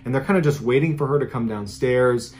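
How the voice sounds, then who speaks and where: A man's voice: medium pitch, a little fast, a little mellow, a little hiss or hum. A man hosting a channel, telling spooky true stories in a dramatic but conversational way. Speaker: host. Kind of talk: spooky true-story narration.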